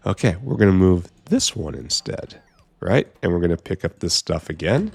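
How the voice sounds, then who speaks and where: A man's voice: sits low, animated, fairly quick, creaky, slightly rough. A man giving casual gameplay commentary, muttering to himself with wry asides as he works. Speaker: gameplay streamer.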